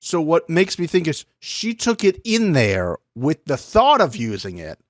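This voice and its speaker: Lively, joking male podcast co-host. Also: a little high, unhurried, no echo, clean studio sound. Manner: jokey, acts out quotes in mock voices. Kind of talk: casual reality TV recap chat.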